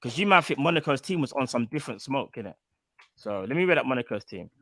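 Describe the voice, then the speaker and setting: A man's voice: mid-range voice, expressive, fast, bright, forceful tone, no room sound, studio quality. A man arguing football in a heated casual debate, insistent and full of slang, reading out player names one by one. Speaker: co-host of a fan call-in show.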